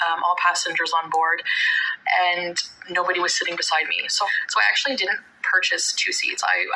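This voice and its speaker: Woman vlogger, tense bright tone, lower pitch, rambling chatty delivery. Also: a little hiss or hum, rough recording. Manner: rambling, many fillers and restarts. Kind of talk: casual storytelling vlog.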